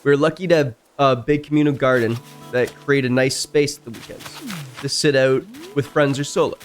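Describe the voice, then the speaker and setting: A man streaming a game, reading stories aloud and breaking in with loud, jumpy reactions. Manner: reacts loudly, jumps high in pitch. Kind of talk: casual reading and commentary while gaming.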